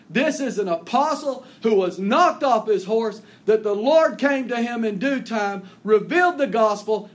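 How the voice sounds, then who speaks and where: A man preaching a sermon in an earnest way, reading scripture aloud with rising emphasis and letting his phrases fall low and soft at the ends. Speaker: pastor.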